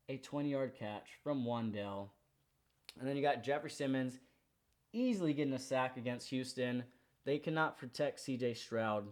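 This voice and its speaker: A young man hosting a sports betting show, running through his picks in a slangy, hyped, confident way. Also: medium pitch. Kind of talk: casual betting picks rundown.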